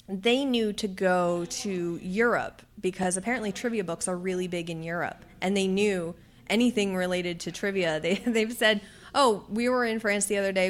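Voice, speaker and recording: A woman chatting as a podcast guest in an animated, story-driven way. She acts out the back-and-forth of her own conversations and laughs often. Her pitch sits in an ordinary middle range. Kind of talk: conversational interview.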